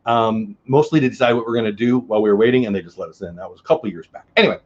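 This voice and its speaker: A man's voice: on the low side, racing, dull audio. A middle-aged man hosting a casual news chat show, joking at his own expense as he reads articles aloud. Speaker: host.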